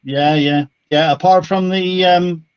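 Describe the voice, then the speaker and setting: A man chiming in on a casual chat with short, agreeable replies. His voice is smooth and a little higher than usual for a man. The recording sounds dull and lo-fi. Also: steady tone, a little slow.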